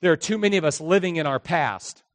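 A man preaches a sermon, retelling a story with acted-out dialogue and rising into shouts at its peaks. His voice sits high for a man. The sound is dry and close, with no room echo. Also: fast. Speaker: pastor.

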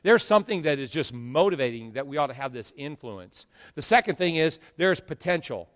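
A man preaching a sermon as pastor, with loud emphatic swells and drawn-out phrases. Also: fairly high pitch, animated, big-room sound. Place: church sanctuary.

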